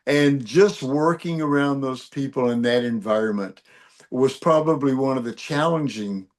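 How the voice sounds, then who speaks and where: An older man, a musician, telling lively anecdotes in an interview, laughing as he goes. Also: medium pitch, moderate pace. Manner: animated storyteller, laughs often. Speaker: guest musician. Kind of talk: storytelling interview.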